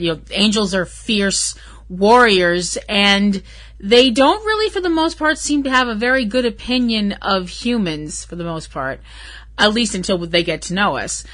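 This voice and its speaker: A woman's voice: mid-range voice, pushed and bright. A woman hosting her own podcast, talking in a rambling, chatty way with sarcastic asides. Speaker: podcast host. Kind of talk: casual solo podcast chat.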